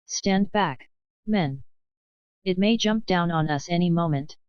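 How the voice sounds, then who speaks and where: A woman reading the part of a blustering male police chief who shouts alarmed orders. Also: on the low side, takes it slowly, clean tone, dry recording, dull audio.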